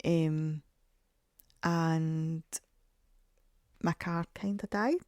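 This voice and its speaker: A woman's voice: deep voice, fairly even intonation, drawn-out words, a little mellow, dry recording, clean studio sound. A woman in her forties hosting a podcast, telling chatty, rambling, self-mocking stories. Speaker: podcast host. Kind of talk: casual podcast monologue.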